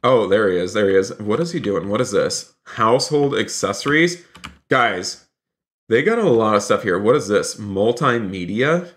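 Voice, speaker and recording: A man's voice: on the low side, lively intonation, normal speed, a bit bright. Chatty male game streamer. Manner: chatty, addresses viewers as guys, exclaims often. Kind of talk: live gaming commentary.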